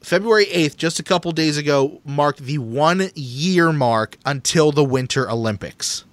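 A man's voice: on the high side, unhurried, no echo. A man co-hosting a casual hockey podcast, upbeat and chatty with lots of fillers. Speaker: podcast co-host.

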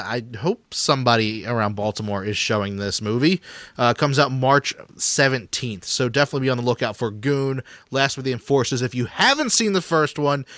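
A man's voice: mid-range voice, fairly bright tone, dry recording. A man co-hosting a casual hockey podcast, upbeat and chatty with lots of fillers. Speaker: podcast co-host.

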